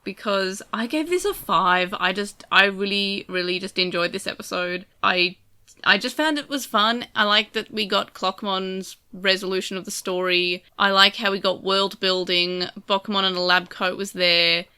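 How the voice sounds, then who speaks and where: A woman co-hosting a casual review podcast, with a bright, lively tone and a clean, crisp voice. She talks eagerly and chats along, often restarting her sentences and dropping in fillers. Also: medium pitch, moderate pace. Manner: enthusiastic, chatty, many restarts and fillers. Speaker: podcast co-host.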